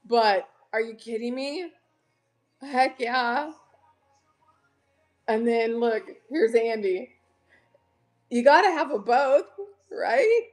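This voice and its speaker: A middle-aged woman hosting a chatty live selling stream, bubbly and greeting viewers by name with excited gasps. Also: fairly high pitch.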